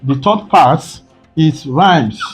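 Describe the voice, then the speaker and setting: A man's voice: a little high, lively intonation, very slow, faint music behind. A man teaching an exam prep lesson, often repeating points and asking rhetorical "what?" questions. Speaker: tutor.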